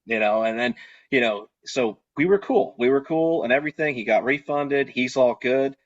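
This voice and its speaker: A man's voice: mid-range voice, moderate pace, no room sound, dull audio. A man who owns a party rental business, telling a casual story and acting out what he said back then. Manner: animated, acts out his own quoted lines. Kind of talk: casual storytelling on a video call.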